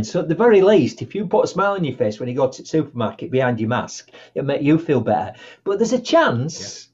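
Man, guest speaker; husky, lively delivery that acts out quotes; muffled lo-fi audio. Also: medium pitch, a little fast, few pauses. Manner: animated storyteller, acts out quotes. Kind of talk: conversational podcast interview.

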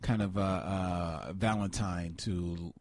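A man's voice: deep voice, fairly even intonation, takes it slowly, a little mellow, no echo. A man co-hosting a podcast in casual chat, reading out listener comments with lots of fillers. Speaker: podcast co-host.

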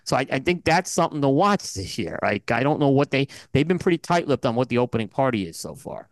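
A man's voice: medium pitch, very animated, quick pace, no echo. A man guest on a podcast, giving analytical commentary in casual chat, with many fillers and restarts. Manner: analytical, talks in numbered points with many fillers.

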